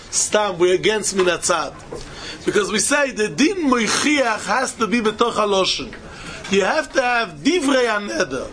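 A man's voice: sits high, fairly bright tone, slight background noise. A man giving a Talmud lecture, emphatic and repetitive, chuckling as he explains. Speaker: Talmud teacher.

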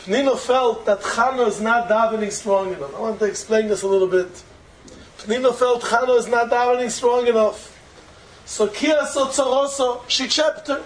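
A man's voice: extremely high pitch, normal speed, slight background noise, poor audio. A man giving a storytelling Torah lecture who explains as he goes, repeats key phrases and asks rhetorical questions. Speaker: Torah teacher.

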